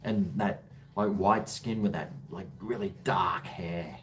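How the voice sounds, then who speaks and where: A man's voice: deep voice, steady tone, slow, a little hiss or hum. A man chatting casually on a livestream, rambling with chuckles and answering viewers' comments. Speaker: livestream host.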